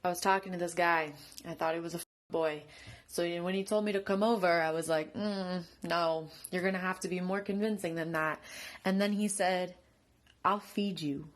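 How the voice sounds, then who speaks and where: Lower-voiced, sassy woman. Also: steady tone, brisk. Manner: sassy, playful, addressing listeners. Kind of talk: casual storytime monologue.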